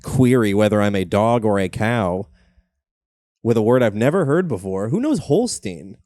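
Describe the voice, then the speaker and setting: A young man hosting a comedy podcast, telling rambling anecdotes in casual chat, swearing and jumping up in pitch when excited. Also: moderate pace, no room sound. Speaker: podcast host.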